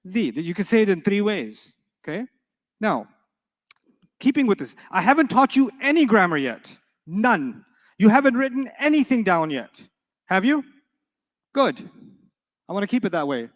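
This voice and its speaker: In an echoing lecture hall, this middle-aged Arabic teacher lectures a live audience at normal speed, his expressive voice sitting high and broken by long pauses. He keeps things playful, joking and frequently quizzing the class.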